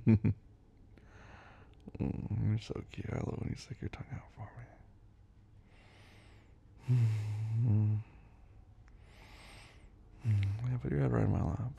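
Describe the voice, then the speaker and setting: A man performing an intimate audio role-play, murmuring low and teasing, often breathy and drifting into soft whispers. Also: fairly even intonation, takes it slowly, pauses often, highs cut off, a little hiss or hum.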